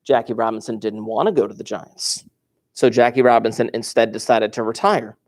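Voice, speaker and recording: A man's voice: mid-range voice, fairly even intonation, a little fast. Chatty male teacher telling classroom stories. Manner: chatty, digressive, asks the class questions. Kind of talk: classroom lecture, storytelling.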